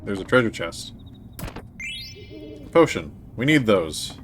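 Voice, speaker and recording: A man streaming a video game, chatting casually and reading game text aloud in a relaxed way. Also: lowish voice, slow, a little hiss or hum. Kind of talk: casual let's-play commentary. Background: faint game music.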